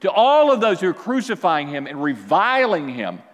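A man preaching a sermon as pastor, with animated delivery that swings from quiet to loud. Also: high-pitched, normal speed, big-room sound.

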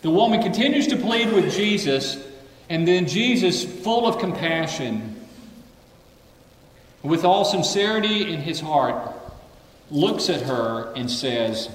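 A man preaching a sermon to a congregation, animated, acting out the people of the story. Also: a little high, takes it slowly, long pauses, reverberant, big-room sound, far from the mic, slight background noise, poor audio. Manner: animated, acts out voices of the story characters. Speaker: pastor.

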